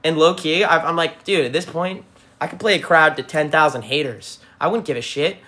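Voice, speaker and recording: A man's voice: on the high side, fairly quick, bright, forceful tone. A man, a band frontman, answering viewers in a livestream Q&A, talking bluntly with lots of swearing and rambling restarts. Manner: blunt, profane and emphatic. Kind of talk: livestream Q&A chat. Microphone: phone livestream mic.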